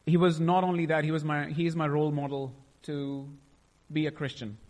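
A man's voice: on the high side, level tone, a little fast, a little mellow, long reverb tail. A young man sharing a personal faith testimony, emotional and rambling, often stopping to restart his sentences. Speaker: testimony speaker.

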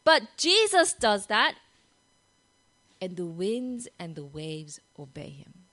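A woman giving a devotional talk. She tells the story animatedly, often asks "right?", and moves from soft, hushed passages to loud, excited ones. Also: mid-range voice, slow pace, low-quality recording. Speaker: Christian devotional speaker.

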